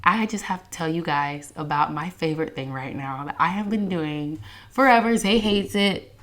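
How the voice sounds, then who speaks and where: A young woman hosting a casual podcast chat, telling animated slangy stories and laughing often. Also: deep voice, normal speed. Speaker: podcast host.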